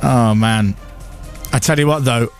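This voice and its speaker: A man's voice: mid-range voice, measured pace, faint music behind. A man hosting a radio show, bantering and laughing with his co-hosts and guest. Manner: laughing, animated, teasing. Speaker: radio host.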